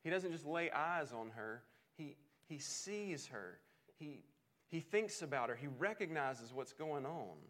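Earnest male preacher, slightly high voice. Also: expressive, a little slow, fairly bright tone. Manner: earnest, repeats words as he restarts. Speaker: pastor. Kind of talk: sermon.

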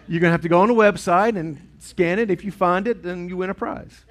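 A middle-aged man preaching a sermon in a church, earnest and swinging from loud to hushed. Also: high-pitched, a little fast. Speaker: pastor. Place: church sanctuary with congregation.

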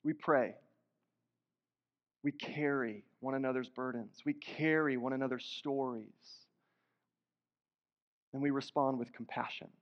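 A man's voice: mid-range voice, fairly even intonation, measured pace, pauses often. A man preaching a sermon as pastor, earnest and conversational, with rising emphatic bursts. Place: church sanctuary. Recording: dull sound in a hall with long reverb.

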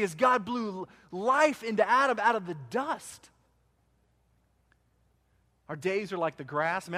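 A man preaching a sermon, swinging from loud emphasis to hushed, slowed phrases. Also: high-pitched. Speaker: pastor.

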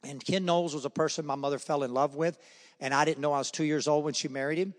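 Speaking fast in a steady tone with a voice on the high side, this middle-aged guest speaker tells stories and acts out voices as he gives his personal testimony at a men's breakfast. The recording carries the echo of a hall.

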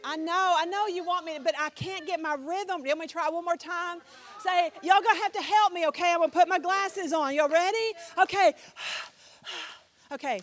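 A woman's voice: very high-pitched, moderate pace, slight background noise. A middle-aged woman teaching a Bible class, chatty and direct, often repeating herself and putting questions to the class.

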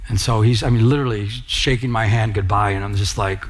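A man's voice: lowish voice, fast, husky. A middle-aged man preaching a sermon as pastor, telling personal stories in an earnest, conversational way.

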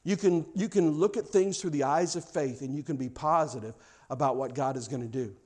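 A male pastor preaching a sermon, telling stories with lively repetition and building to a forceful cadence. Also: a little high, a little fast. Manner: animated storytelling, repeats phrases for emphasis.

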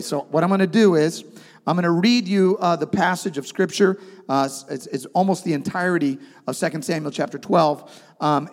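A man preaching a sermon as pastor, retelling a story with emphatic swings in pitch and loudness. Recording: long reverb of a large hall.

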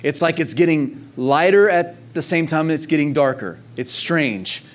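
A man's voice: a little high, lively intonation, a little slow. Emphatic preacher man. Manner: emphatic, conversational preaching with rhetorical questions. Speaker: pastor. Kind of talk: sermon. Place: church service in Texas.

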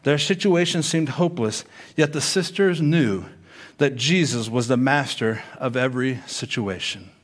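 A man's voice: medium pitch, measured pace. A male pastor preaching a sermon in a conversational way, reading scripture aloud and checking in with "okay".

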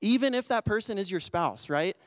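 A pastor with a somewhat high, expressive voice delivers a sermon at a brisk pace, earnest and conversational. He often restarts sentences, fills with "like," and at times sounds emotional. The recording is close and dry, with no room sound.

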